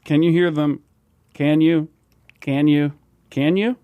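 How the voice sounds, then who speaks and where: A sinister, morbid schoolboy admirer, as a man puts him on for an improv comedy bit, speaking low and hushed with quiet menace. He presses the same question again and again with a dry, close sound. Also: steady tone, slow, smooth, no room sound, narrow, tinny audio. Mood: menacing. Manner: repeats questions with growing insistence. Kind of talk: comedic improv role-play.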